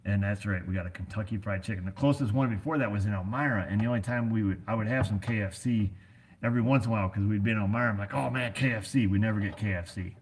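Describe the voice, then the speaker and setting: A man's voice: fairly low pitch, fast talker, a little hiss or hum. A middle-aged American man who runs an auto repair shop, chatting casually in a folksy, rambling way full of fillers. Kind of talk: casual rambling vlog chat.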